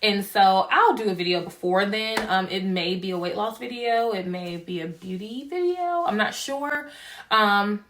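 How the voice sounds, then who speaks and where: A woman's voice: mid-range voice, normal speed, fairly bright tone. A young woman vlogging casually to camera, a chatty storyteller who acts out dialogue and laughs often.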